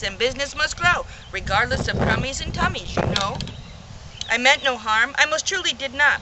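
A woman's voice: fairly high pitch, lively intonation, moderate pace, background noise. A woman reading a rhyming children's story aloud in a playful, rhythmic way. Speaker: reader.

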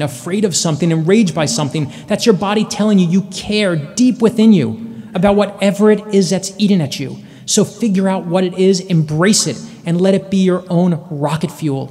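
A man in his forties giving a commencement address, telling stories earnestly with dramatic pauses. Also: high-pitched, a little mellow. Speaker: commencement speaker. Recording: long hall reverb.

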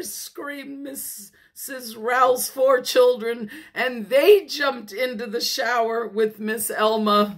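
A woman pastor reading a picture book aloud to children, animated, laughing often and talking to her listeners. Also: fairly high pitch, very slow.

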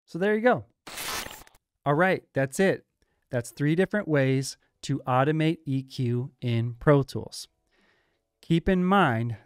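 A man hosting a music production tutorial, explaining software steps in a casual, upbeat way. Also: mid-range voice, measured pace. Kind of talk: screen-recorded software tutorial.

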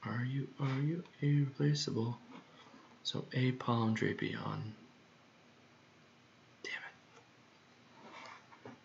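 A man talks very slowly in a gravelly voice, muttering to himself and repeating words as he thinks aloud. The recording is dull and lo-fi, with faint keyboard typing behind him. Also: medium pitch, a little hiss or hum. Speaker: creator working on a song. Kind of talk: thinking aloud while working.

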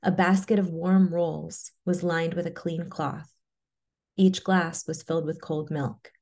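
Low-voiced woman reading a memoir. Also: flat delivery, measured pace, darkish tone. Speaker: webinar presenter. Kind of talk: reading a personal story, then presenting.

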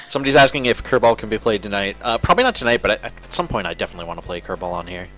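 A man's voice: fairly low pitch, rapid-fire, bright, forceful tone, faint music behind. A man streaming a puzzle game, chatting casually with friends and reading out viewer comments. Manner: reacts to his own failures and reads viewer comments aloud. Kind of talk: casual let's play chat.

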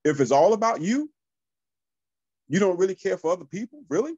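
A man, a real estate coach telling motivational stories to listeners in a lively, high-energy way. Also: brisk, no echo, muffled recording. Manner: high-energy, animated, addresses listeners as y'all. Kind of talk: motivational storytelling.

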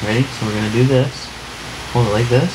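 A father and vlogger coaches his daughter through an art activity at home, giving cheerful, short cues over and over. His mid-range voice is brisk with fairly even intonation, heard over a noisy background.

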